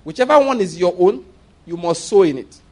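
A man with a Nigerian English accent preaches a sermon in a fairly high voice. He tells stories with emphasis and laughs often as he makes his points. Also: lively intonation, a little fast.

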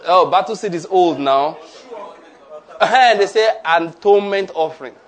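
A man's voice: sits high, a little slow. A man preaching a sermon and leading the congregation in call-and-response declarations.

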